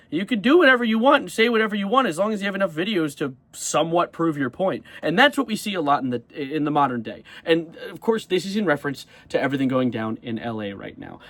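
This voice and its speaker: Exasperated young man ranting into a close mic. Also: dry recording. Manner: animated and exasperated, jumping to high sarcastic mock voices. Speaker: vlogger. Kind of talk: casual ranting monologue.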